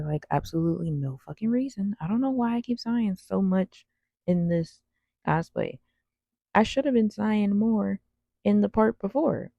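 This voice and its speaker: A woman's voice: lowish voice, gravelly, dark tone, no echo, dull audio. A woman cosplay vlogger rambling in casual, slangy voice-over about her makeup. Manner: rambling, slangy, self-deprecating.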